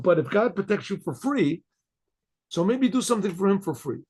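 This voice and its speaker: An older man, a rabbi, telling a story to his class in a rambling way, repeating himself and often clearing his throat. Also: high-pitched, darkish tone.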